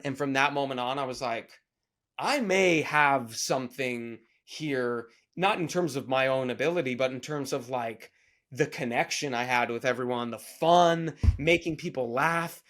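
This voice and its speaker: A man telling a story as a podcast guest, casual and animated, with loud bursts when he acts out lines. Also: medium pitch, moderate pace. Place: podcast studio.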